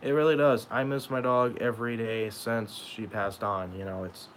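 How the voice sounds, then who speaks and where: A young man talking in an emotional vlog monologue, halting and repeating himself as he speaks of loss. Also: fairly low pitch, steady tone, fairly bright tone, a little hiss or hum, rough recording. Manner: halting, repeats and restarts, sad. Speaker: YouTuber.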